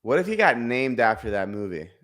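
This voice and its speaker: A man in his twenties co-hosting a casual sports podcast, sarcastic and animated as he tells stories. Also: medium pitch, brisk. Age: 20s. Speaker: podcast co-host.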